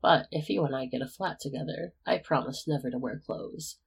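Narrator doing a cocky young man, teasing, playful, husky tone, storybook reading. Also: mid-range voice, brisk, full character voice, low-quality recording.

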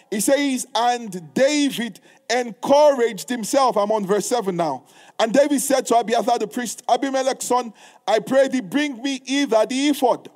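Emphatic male preacher with a high voice; reads old-style scripture and drives points home with repetition. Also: moderate pace, darkish tone. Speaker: pastor. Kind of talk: sermon.

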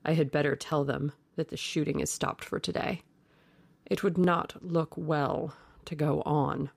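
A woman voicing a suave, worldly male aristocrat in a storybook reading, calm and measured. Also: deep voice, creaky, no echo, heavily acted.

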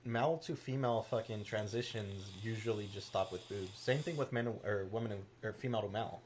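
A man's voice: lowish voice, a little fast, slight background noise. A man in a casual podcast chat, laid-back and blunt, swearing freely as he talks.

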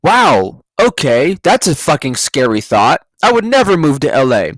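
A man's voice: on the high side, big pitch swings, normal speed, dry recording. Profane ranting man, dry close sound. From California. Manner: profane, sarcastic storytelling with laughs. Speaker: podcast host. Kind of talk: casual ranting monologue.

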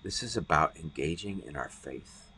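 A man's voice: rumbling low, expressive, moderate pace, bright, forceful tone, a little hiss or hum. A middle-aged man preaching a podcast sermon as pastor, earnest and often repeating words as he stresses a point.

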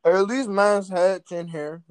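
Laid-back high-voiced man chatting. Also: fairly even intonation, slow, clean tone. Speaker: podcast co-host. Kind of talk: casual chat.

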